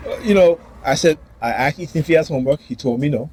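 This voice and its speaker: A father vlogs outdoors near a building and street traffic, ranting agitatedly and repetitively about his family while acting out the arguments in voices. He talks fast in a slightly high, darkish voice, with slight background noise.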